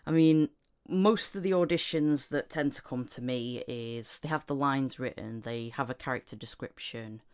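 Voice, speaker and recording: A British woman with a notably low, deep voice hosts a casual podcast chat. She rambles and restarts her sentences as she thinks aloud. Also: darkish tone, clear, resonant tone. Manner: rambling, halting, with many restarts. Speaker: podcast host and voice actor.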